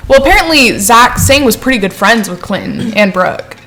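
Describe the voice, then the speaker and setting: A young woman talking casually as a podcast co-host. She gossips in an animated, chatty way. Her voice sits a little high. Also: normal speed, slight background noise. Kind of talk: casual chat.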